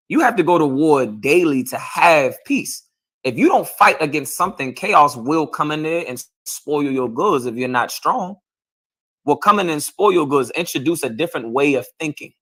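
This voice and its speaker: A man with a fairly high voice preaches a hard-hitting sermon. His tone is bright and forceful, and he lectures his listeners with repeated checks of "you understand?". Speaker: street preacher. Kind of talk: confrontational sermon.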